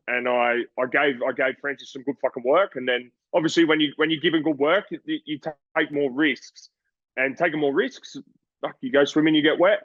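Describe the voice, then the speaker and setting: A man's voice: medium pitch, no room sound, dull audio. A young Australian man, a boxer, talking casually in an interview, rambling and acting out voices as he tells stories. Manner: rambling, animated storytelling with voices.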